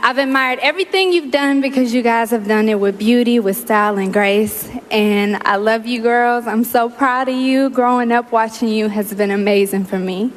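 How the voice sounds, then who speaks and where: A woman presenting an award with admiring, deliberate words. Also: a little high, slight background noise. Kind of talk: presentation speech.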